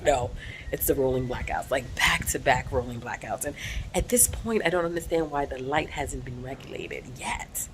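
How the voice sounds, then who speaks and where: A woman's voice: very deep voice, lively intonation, normal speed, slight background noise. A woman with an American accent, talking in a casual vlog, voicing emphatic and outspoken complaints. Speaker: vlogger.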